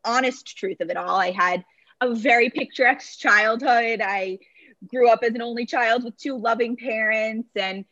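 A woman's voice: a little high, normal speed, a bit bright, no echo, highs cut off. A woman in her late twenties from the Boston area, speaking in a neutral voice as an articulate, upbeat podcast guest. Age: late 20s. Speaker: podcast guest, marketing director. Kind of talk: casual interview chat. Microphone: remote call.

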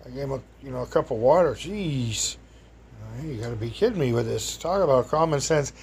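This storyteller's medium-pitched voice is expressive and fairly quick, with a darkish tone and a breathy edge. He rambles through a personal anecdote for an audience, chatty and wandering, bursting into exclamations and chuckles.

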